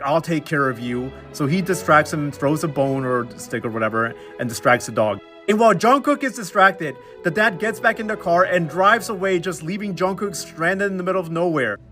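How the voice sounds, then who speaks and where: Young male comedic recapper, slightly high voice, sarcastic slang delivery, faint music behind. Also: fairly quick. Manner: slangy, sarcastic, animated storytelling with mocking quoted voices. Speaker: recap commentator.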